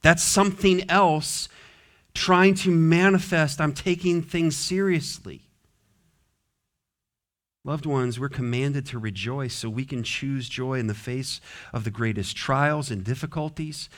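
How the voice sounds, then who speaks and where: A man preaching a sermon as pastor in a church, dropping to soft low asides and rising to loud, drawn-out exhortation. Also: fairly even intonation. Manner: emphatic, drawn-out stressed words. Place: church sanctuary.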